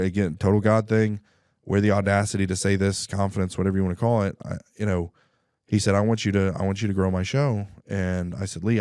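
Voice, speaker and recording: A man telling his life story in a casual interview, animated, acting out dialogue and often clearing his throat. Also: sits low, no echo, clean studio sound. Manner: animated, acts out dialogue with quick voice shifts; frequent throat clearing and restarts.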